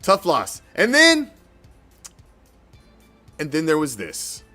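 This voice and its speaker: A man's voice: a little high, wildly swooping pitch, takes it slowly, pushed and bright, faint music behind. A man hosting a sports fan show, ranting heatedly and swearing in an exasperated way. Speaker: sports podcast host. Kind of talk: profane fan reaction rant.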